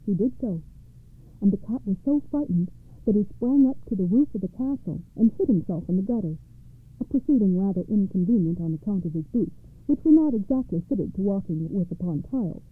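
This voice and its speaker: A woman narrating fairy tales for a radio program in a measured, expressive storytelling manner. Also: mid-range voice, husky. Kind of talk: fairy tale read-aloud narration. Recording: tinny phone-like radio sound.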